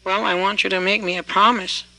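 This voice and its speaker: A man's voice: sits high, level tone, a little fast, vocal fry, sharp tone, heavily acted, low-quality recording. A man voicing a cheeky, bold young man in a folk tale, teasing and challenging. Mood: demanding.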